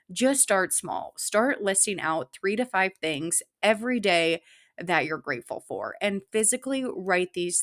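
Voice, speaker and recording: A woman's voice: lowish voice, a bit bright, dry recording, clean studio sound. A woman hosting her own podcast as an online fitness coach, talking in a chatty, upbeat way with casual fillers. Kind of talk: solo podcast talk.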